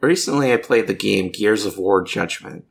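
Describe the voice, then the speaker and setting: A man co-hosting a podcast in casual chat, delivering game lore in a deadpan, matter-of-fact way. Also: lowish voice, normal speed, gravelly, slight background noise. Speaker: podcast co-host.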